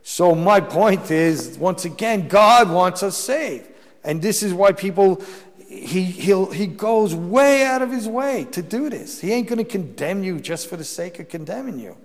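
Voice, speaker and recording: A man's voice: high voice, animated, a little slow. Male priest preaching in a reverberant hall. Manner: storytelling preacher, rising emphatic bursts, frequent restarts. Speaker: Catholic priest preaching a mission. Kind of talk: sermon.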